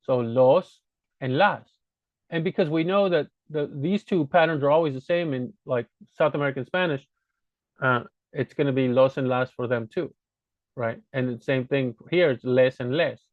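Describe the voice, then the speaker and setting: A man's voice: mid-range voice, normal speed, dry recording. Casual man explaining grammar, dull dry sound. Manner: casual, explanatory, frequent self-corrections and "right?" checks. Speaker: Spanish teacher. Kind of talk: screen-recorded grammar lesson.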